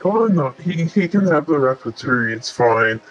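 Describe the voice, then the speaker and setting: A man's voice: a little high, animated, normal speed, highs cut off, faint music behind. A man playing in a tabletop game who speaks hesitantly and in a friendly way. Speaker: player.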